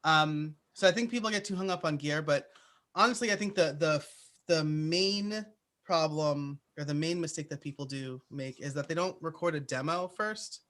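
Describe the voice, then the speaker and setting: A man's voice: a little high, moderate pace, fairly bright tone. A man answering interview questions in a casual, chatty way, with plenty of "uh" and "like" fillers. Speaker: podcaster guest.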